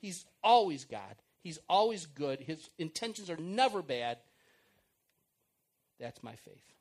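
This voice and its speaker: A middle-aged man preaching an informal sermon, acting out prayers and conversations in an animated way. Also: medium pitch, a little slow.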